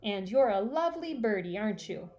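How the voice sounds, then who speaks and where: A woman reading as a gentle doting grandmother. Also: medium pitch, big pitch swings, brisk, close to an everyday voice. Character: kindly doting older grandmother.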